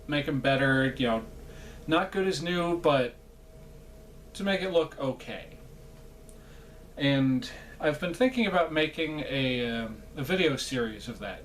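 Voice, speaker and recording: A man's voice: mid-range voice, a little hiss or hum. A man chatting casually in a vlog, rambling and self-deprecating, with lots of fillers and asides. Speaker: vlogger.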